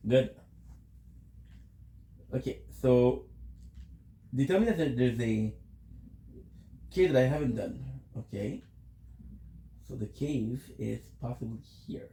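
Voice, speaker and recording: A man's voice: medium pitch, takes it slowly, pauses often, mellow, echoey room, slight background noise. A tired man chatting casually with his viewers while streaming a game, rambling and answering questions from chat.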